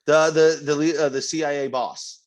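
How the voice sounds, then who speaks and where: A man's voice: on the high side, fairly even intonation. A man co-hosting a comedy podcast, teasing his friends and laughing as he chats casually. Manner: teasing, swearing, quick to laugh. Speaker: podcast co-host. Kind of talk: casual chat.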